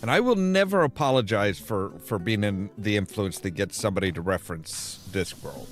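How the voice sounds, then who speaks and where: A man's voice: lowish voice, lively intonation, a little fast, soft background music. A man casually commenting while playing a game, rambling and restarting his sentences often. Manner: rambling, self-interrupting, frequent restarts. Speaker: gameplay video host.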